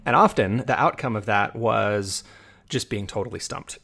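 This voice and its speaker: A man hosting an education podcast, asking questions and thinking aloud in a relaxed way. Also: on the low side, moderate pace, creaky, husky. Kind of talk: conversational podcast interview.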